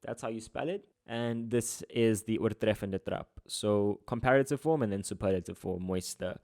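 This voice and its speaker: A young man, tutoring through an exam paper in a relaxed, slangy, chatty way. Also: on the low side, normal speed. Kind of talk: casual exam walkthrough.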